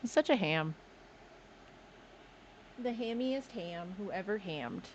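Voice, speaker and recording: A woman's voice: medium pitch, animated, slow, a little hiss or hum. A woman game streamer chatting casually, talking playfully and doting on her pet at her desk, into a desk microphone. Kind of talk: casual live-stream chat. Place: home desk indoors.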